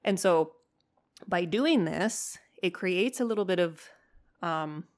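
A woman dog trainer hosting her podcast, telling stories in a casual, animated way, swearing freely and acting out her own lines. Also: fairly low pitch, takes it slowly. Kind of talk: casual storytelling monologue.

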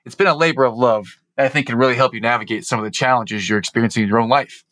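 Upbeat American podcast host, dry sound. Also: male voice, medium pitch, very fast, a bit bright, dry recording. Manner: upbeat, effusive interviewer. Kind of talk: podcast hosting and ad read.

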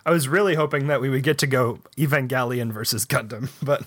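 A man's voice: mid-range voice, fairly even intonation, a little fast, fairly bright tone. A man in casual comedic banter, hesitant and full of fillers. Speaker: game player.

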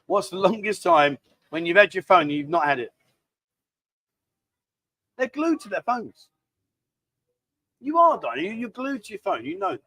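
A man's voice: high voice, very animated, normal speed, long pauses, a bit bright, no room sound. A man hosting a live stream, rambling and bantering casually as he reads out viewer comments. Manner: rambling, chatty, cheeky banter. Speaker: livestream host.

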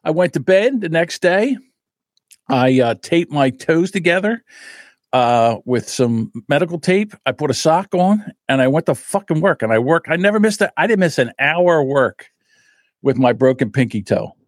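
A rowdy man hosting a casual podcast, his voice sitting fairly high. He tells stories at full tilt, swearing and laughing as he goes. The sound is dry and close, with no room around it. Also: moderate pace, no echo. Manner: animated, swearing, laughs while telling stories. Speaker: podcast host. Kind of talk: casual storytelling and commentary.

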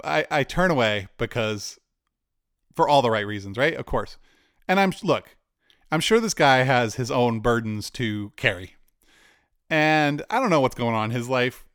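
A man's voice: medium pitch, a bit bright, clear, resonant tone, dry recording, clean studio sound. A man, likely in his forties, telling a candid personal story in a conversational way with asides. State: cancer patient.

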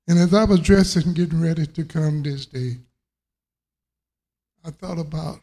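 A man speaking briefly at a funeral in a church. His fairly high voice is gravelly and very slow, and he pauses often as he talks. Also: warm tone. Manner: slow, halting, unhurried.

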